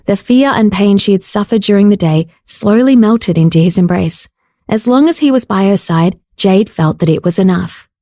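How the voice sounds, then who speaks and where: Woman narrator, audiobook reading, steady pace, mellow warm tone, dry close sound. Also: mid-range voice, no echo. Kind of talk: scripted narration.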